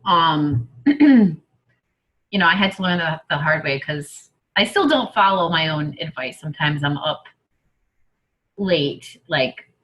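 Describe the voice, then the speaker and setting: Woman group coach on a video call. Bright, slightly low voice, chatty, thinks out loud. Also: low-quality recording. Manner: chatty and rambling, thinking aloud. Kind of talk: casual video call talk.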